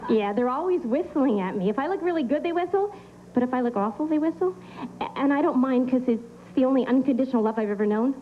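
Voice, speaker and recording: A woman performing a stand-up comedy set, delivering deadpan one-liners with pauses for laughs on a club stage. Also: high voice, background noise. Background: audience laughter.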